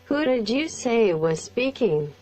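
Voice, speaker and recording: A text-to-speech woman's voice reading the lines of a nervous young wife, flat and slow. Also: fairly high pitch, pitched above the performer's own voice. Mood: uneasy. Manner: hasty, strained.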